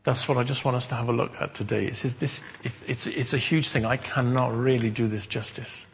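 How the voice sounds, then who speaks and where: A man preaching a sermon, halting and repeating words as he thinks aloud. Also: mid-range voice, fairly even intonation, breathy edge.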